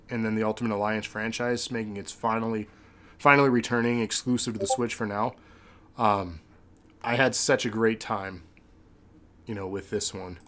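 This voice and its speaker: A man's voice: on the low side, fairly bright tone. A man hosting a podcast, chatting casually in a rambling, sentimental way with many fillers. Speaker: podcast host.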